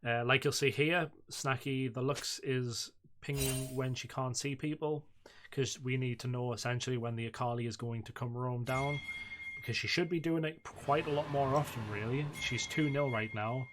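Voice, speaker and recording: Relaxed man commentating his own game. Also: mid-range voice, normal speed, background noise. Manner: relaxed, reflective, says "uh" and "like" often. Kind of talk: casual gameplay commentary. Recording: loud game music behind voice. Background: loud game music and game announcer.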